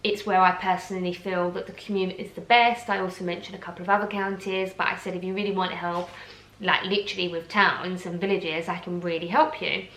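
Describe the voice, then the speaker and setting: A woman's voice: fairly low pitch, fairly even intonation, brisk, fairly bright tone, slight background noise. A woman from Essex with an Essex accent, a blogger ranting to camera in a chatty, indignant way full of fillers. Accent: Essex English. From Essex, England. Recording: roomy echo.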